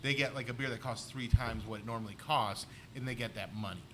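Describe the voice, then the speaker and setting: A man's voice: mid-range voice, fairly even intonation, a little fast, noisy background. A man, a comedian co-hosting a podcast, telling a rambling story in casual chat with lots of "like". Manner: rambling anecdotes full of "like".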